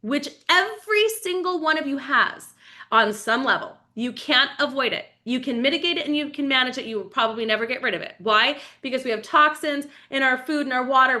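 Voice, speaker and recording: Woman, forties, live sales pitch, enthusiastic, chatty, bright tone, high voice. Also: fairly quick. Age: 40s. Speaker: wellness product presenter.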